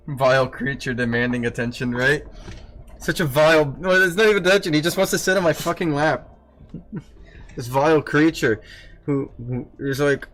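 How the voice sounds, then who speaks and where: A laid-back male streamer at an ordinary pitch, talking casually and swearing freely. He mock-scolds his pet in a raised, teasing voice, then settles back into easy chatter with viewers. Faint music plays underneath. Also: moderate pace, pauses often, a bit bright. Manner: chats with viewers, often laughing. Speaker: livestreamer. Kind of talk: casual livestream chat.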